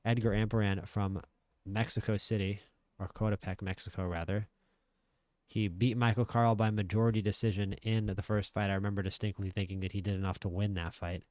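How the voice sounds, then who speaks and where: A man's voice: on the low side, level tone, fairly quick, darkish tone, dry recording. A man giving casual let's-play commentary, thinking aloud with frequent restarts. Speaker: gaming channel host.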